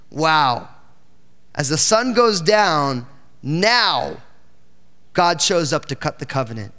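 A man's voice: high-pitched, fairly bright tone, smooth. A male pastor preaching a sermon, reading scripture aloud and breaking in with exclamations. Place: church sanctuary. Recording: church hall with long reverb.

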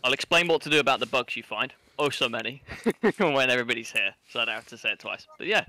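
A man organizing a game event over voice chat, relaxed and joking. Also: medium pitch, quick pace, no echo.

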